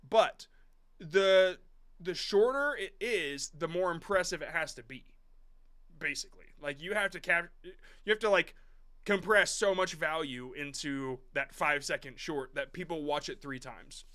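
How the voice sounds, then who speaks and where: A man's voice: fairly high pitch, measured pace, bright, forceful tone. A man in his thirties hosting a live stream, giving frank, rambling casual commentary on viewers' short videos, with restarts and mild swearing. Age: 30s.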